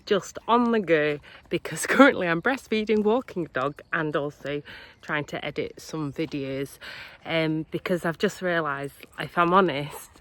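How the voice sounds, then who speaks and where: A woman's voice: low voice, normal speed, a bit bright. A young woman with a Yorkshire accent, chatting casually to camera on the go and laughing through serious topics. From England. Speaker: vlogger. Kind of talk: casual chat to camera while walking.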